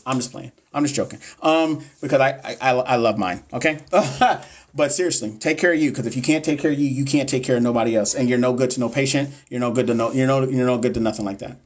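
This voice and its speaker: A young man, a nurse educator on a casual live stream, answering viewers bluntly and with swearing, repeating himself for emphasis. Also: mid-range voice. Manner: blunt, profane, repetitive and emphatic.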